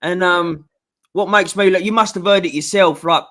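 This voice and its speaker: Male co-host, high bright voice, rambling chatter. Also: fairly even intonation, normal speed. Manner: chatty, rambling, laughs a lot. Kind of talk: casual football chat.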